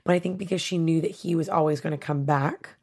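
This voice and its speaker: A woman's voice: deep voice, steady tone, fast talker, darkish tone. A woman co-hosting a casual chat about a TV show, gushing and chatty with lots of fillers. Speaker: podcast co-host.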